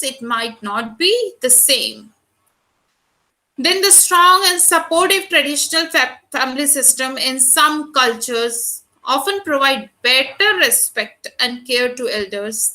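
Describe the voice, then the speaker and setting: A woman's voice: sits high, pushed and bright, low-quality recording. A woman from India with an Indian accent, giving an online lecture, addressing students directly and reading out lists of terms.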